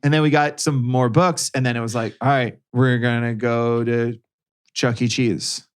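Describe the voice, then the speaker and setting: A man's voice: medium pitch, level tone, normal speed, clear, resonant tone. A man in his thirties, a guest podcast co-host, telling a casual story with dry, sarcastic humor.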